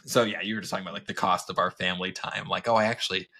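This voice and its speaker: A man in his thirties co-hosting a podcast, telling stories in an animated way and laughing often. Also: sits low, very fast. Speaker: podcast co-host. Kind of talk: casual chat.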